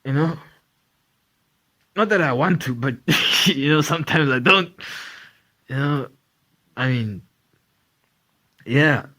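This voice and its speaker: A man's voice: fairly high pitch, animated, slow pace, pauses often, sharp tone. A man hosting a casual comedy podcast, rambling and profane, with lots of fillers. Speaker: podcast host.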